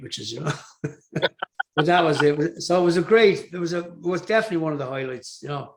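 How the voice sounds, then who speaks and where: A man's voice: a little high, brisk. An older man with an Irish accent, a singer telling rambling stories with fillers and restarts in an interview. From Ireland. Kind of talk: casual storytelling interview.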